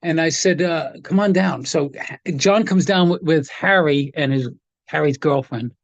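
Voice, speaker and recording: A man tells his stories with relish, jumping into the voices of the people in them. His voice sits high for a man, and the recording is dry and close. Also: normal speed, dry recording. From New York area. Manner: animated anecdote teller, acts out quotes. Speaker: guest, guitar tech. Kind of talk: casual storytelling interview.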